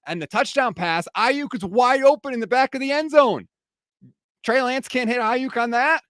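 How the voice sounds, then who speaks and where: High-voiced, fired-up male sports host. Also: moderate pace, fairly bright tone, no echo, clean studio sound. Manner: fired-up, heated ranting. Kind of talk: post-game reaction rant.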